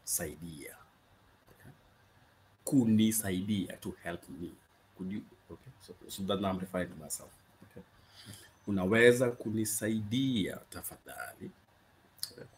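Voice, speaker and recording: A man teaching useful phrases in a casual lesson, patiently repeating each one slowly and checking in with frequent okays. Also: low voice, warm tone. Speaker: Swahili language teacher. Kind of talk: casual spoken language lesson.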